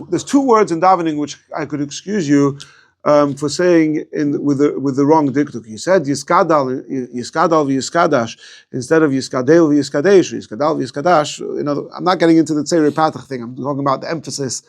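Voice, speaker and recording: A rabbi teaching a casual Torah class to a small group, digressive and thinking aloud with fillers and restarts. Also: male voice, on the high side, a little fast, a little mellow.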